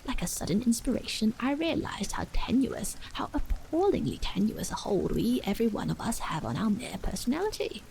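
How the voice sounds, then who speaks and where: A woman reading a bedtime horror story aloud as whispered role-play, hushed and unhurried. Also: fairly high pitch, very animated, gravelly, low-quality recording. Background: rain.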